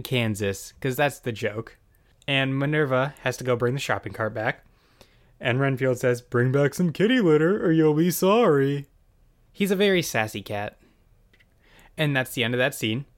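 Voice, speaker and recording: A man's voice: mid-range voice, fairly bright tone. A man casually recapping a TV episode with wry jokes, quoting the lines as he goes. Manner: wry, chatty, jumps into quick quoted voices. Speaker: podcast host recapping a TV episode.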